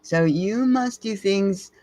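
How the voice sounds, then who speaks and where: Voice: medium pitch, slow, darkish tone, no echo. A tarot reader giving a live reading, with blunt, emphatic advice, casual swearing, and sentences that ramble and restart.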